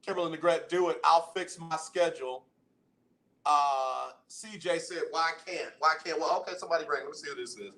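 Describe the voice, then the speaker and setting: A man hosts a call-in radio show from the studio, bantering and teasing his listeners. His voice sits a little high and sounds bright and forceful. The studio adds a roomy echo. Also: brisk. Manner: animated, banters with listeners and callers. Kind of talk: casual radio talk.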